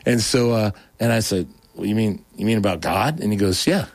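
A man's voice: fairly low pitch, lively intonation, a little fast, creaky, dry recording. A middle-aged man from Oregon telling his conversion story in a casual interview, rambling and restarting his sentences and acting out the people he quotes. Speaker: guest telling his testimony.

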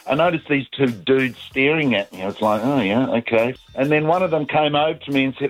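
A man's voice: medium pitch, brisk, soft background music, low-quality recording. New Zealand man telling a story on the radio. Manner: amused storyteller, chuckling. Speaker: caller.

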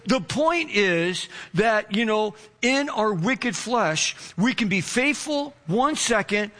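A man preaching a sermon as pastor, telling a lively story and retelling conversations along the way. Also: high voice, slow pace.

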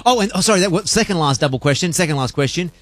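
A man's voice: a little high, animated, a bit bright, no room sound. Upbeat male interviewer. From Australia. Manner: friendly, laughs easily, quick questions. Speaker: interviewer host. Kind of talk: casual interview.

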